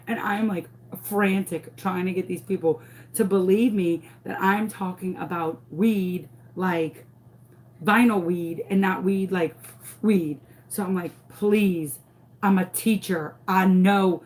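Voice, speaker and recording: A woman's voice: on the low side, takes it slowly. A young adult woman hosting a crafting video, telling a dramatic story while she works and acting out the people in it. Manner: dramatic, animated retelling with acted quotes. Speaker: crafting channel host.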